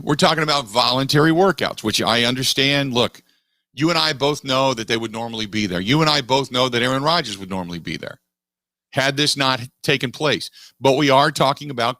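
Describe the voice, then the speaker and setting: A middle-aged man hosting a sports talk radio show, making his case in an animated, emphatic way and repeating phrases for weight. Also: medium pitch, no echo, studio quality. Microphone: studio microphone.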